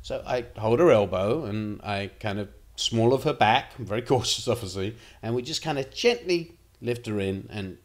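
A man's voice: lowish voice, animated, normal speed, few pauses. A man vlogging, telling rambling and profane anecdotes in a casual storytelling style.

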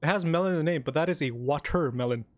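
A man giving casual, joking gameplay commentary, excitable and sometimes talking with his mouth full of cookie. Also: a little high, quick pace, slight background noise. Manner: excitable, joking, talks while eating. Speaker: gaming YouTuber.

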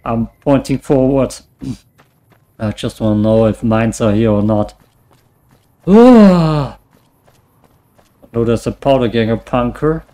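A man casually commenting on his own gameplay, muttering to himself and swearing often, his voice getting hoarse. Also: medium pitch, fairly even intonation, moderate pace, dark tone, slight background noise. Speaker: let's play gamer.

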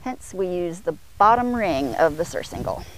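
A woman horse trainer explaining longeing technique between short commands to a horse, her voice rising in pitch for upward gaits. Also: expressive, moderate pace. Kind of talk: instructional demo while longeing a horse. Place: outdoor arena corner.

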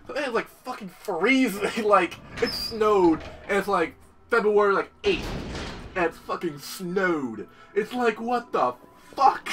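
A young man commentating his gameplay, excitable and profane, talking straight to the game and its characters. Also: high-pitched, normal speed, far from the mic, background noise. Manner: excitable, swears a lot, talks to the game and its characters. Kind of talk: let's play commentary.

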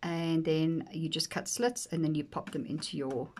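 A woman talks through a planner with a slightly low voice, gushing and excited. She slips in and out of soft, breathy near-whispers. A faint hiss of noise sits under the recording. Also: normal speed. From South Africa. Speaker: planner vlogger. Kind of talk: casual flip-through commentary.

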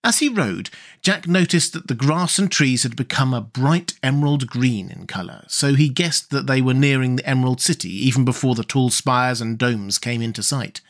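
A man reading a children's fantasy storybook aloud as an audiobook narrator, measured and expressive. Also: mid-range voice.

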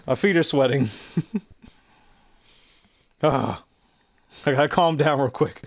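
A man's voice: medium pitch, slow, creaky, long pauses, no room sound. A young man doing gameplay commentary, swearing and trash-talking the game in frustration. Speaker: gameplay streamer. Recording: game sounds loud behind.

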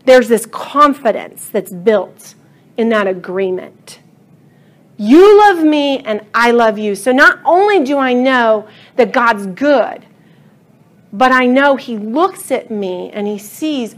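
High, slow-paced woman teaching Bible study. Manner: earnest, animated, rising to emphatic passion.

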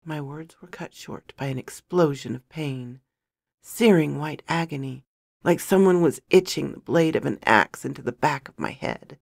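A woman narrating a first-person fantasy story in a measured, dramatic storytelling manner. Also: low voice, gravelly, a little mellow, no echo, studio quality.

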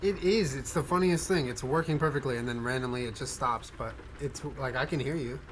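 A man's voice: mid-range voice, brisk, noisy background. A man streaming a trucking game, chatting casually with viewers and friends in trucker radio lingo. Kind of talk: casual gaming stream chat.

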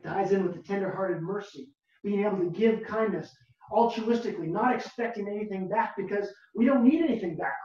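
A pastor preaching a sermon slowly and emphatically, repeating key words and asking the listeners rhetorical questions. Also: mid-range voice, warm tone. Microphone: video call, far from the mic. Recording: very echoey, distant, dull lo-fi video call audio.

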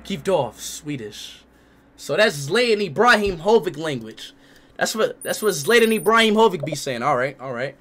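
A young man streaming live, reacting loudly with slangy outbursts while playing a quiz. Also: a little high, moderate pace, a little hiss or hum. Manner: excitable, shouting, slangy outbursts. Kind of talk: loud reactive livestream commentary.

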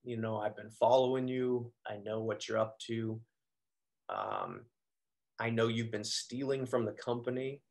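Guy doing his heartbroken dad, low and quiet, slow heavy words. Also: expressive, vocal fry. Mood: grave. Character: stern grieving middle-aged father firing his son.

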